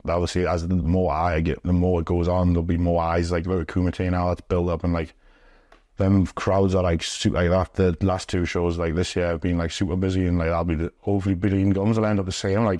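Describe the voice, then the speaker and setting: A young man, talking low and deep. He rambles through stories in a casual, sweary way, full of fillers. The sound is dry and close. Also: darkish tone, no echo. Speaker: interviewee, pro wrestler. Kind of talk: casual storytelling. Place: indoors, sit-down interview.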